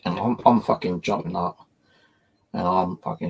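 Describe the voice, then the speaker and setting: A man's voice: low voice, steady tone, moderate pace, vocal fry, breathy edge. A man telling his own ghost story in a casual, rambling way, with many fillers and swearing. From England. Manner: rambling, full of "you know" fillers and swearing. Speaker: paranormal investigator and channel host. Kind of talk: casual first-person storytelling.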